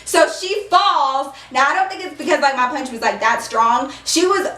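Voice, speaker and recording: Animated high-voiced young woman storytelling. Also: normal speed, echoey room, distant mic, slight background noise. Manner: emphatic, heated, acts out the scene, shouts quoted lines; frequent fillers and "okay?" asides. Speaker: vlogger.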